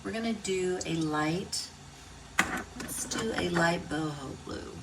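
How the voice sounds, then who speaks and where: Slow and lowish in voice, a middle-aged woman who teaches card-making chats casually and thinks aloud as she works through a crafting tutorial. The sound comes from a distant mic in a noisy room.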